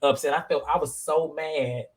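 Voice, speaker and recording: A man hosting a reality-TV recap with a slightly high-set voice. He talks in loose, slangy bursts and rambles through his points with plenty of fillers. The tone stays casual and conversational. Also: steady tone, normal speed. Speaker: podcast host. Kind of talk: casual reality-TV review chat.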